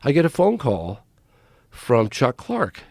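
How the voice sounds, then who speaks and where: A man telling a story on a podcast in an excited, animated way, with quoted lines in his telling. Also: mid-range voice, slow, gravelly, no room sound, studio quality. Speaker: podcast guest. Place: podcast studio. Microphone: studio mic, close.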